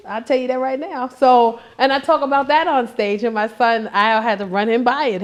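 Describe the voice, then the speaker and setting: A woman's voice: fairly high pitch, moderate pace, few pauses. A woman comedian in her forties, a grandmother, chatting in an interview and acting out her kids as she tells stories. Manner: animated storytelling, acts out family members. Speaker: stand-up comedian; interview guest. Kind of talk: casual interview chat.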